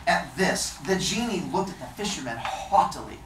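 A man's voice: mid-range voice, lively intonation, normal speed, hardly any pauses. Playful man reading a story aloud. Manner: playful asides that explain words. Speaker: storyteller host. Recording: roomy, distant mic, faint noise.

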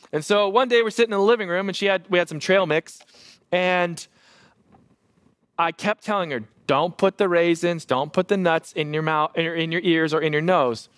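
A man in his thirties, a pastor preaching a sermon and telling a lively family story with self-deprecating humor. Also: a little high, no echo.

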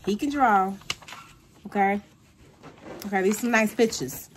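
A woman in her thirties, a vlogging mom, tells funny family stories to the camera and laughs often. Her voice is mid-range and her pace measured, with a noisy background.

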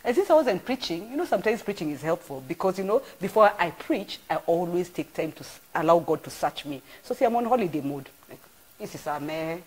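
Husky, low-pitched woman pastor; expressive, storytelling sermon delivery. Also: brisk. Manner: animated storyteller with exclamations. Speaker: church apostle. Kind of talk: informal live-streamed sermon.

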